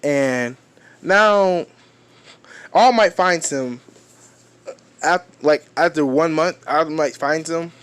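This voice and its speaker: A man's voice: fairly high pitch, slow, pauses often, fairly bright tone, clean tone. Rambling man retelling a fan story. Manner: rambling, restarts often, swears casually.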